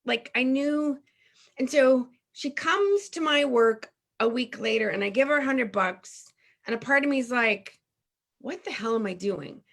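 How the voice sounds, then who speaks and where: Guest, woman from Texas, middle-aged, slightly high-pitched; emotional, frank storyteller. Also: unhurried. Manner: emotional, animated, candid. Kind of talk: personal storytelling in conversation.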